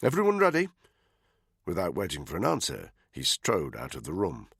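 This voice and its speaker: A man narrating a thriller audiobook in a measured, expressive way. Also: extremely low pitch, creaky, husky, dry recording, clean studio sound. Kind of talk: scripted narration.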